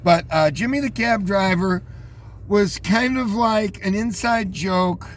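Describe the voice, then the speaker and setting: Casting: high-pitched man in his fifties, loose chatty host, faint hiss underneath. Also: slow pace. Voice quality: rambling, many fillers and restarts. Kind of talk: casual commentary.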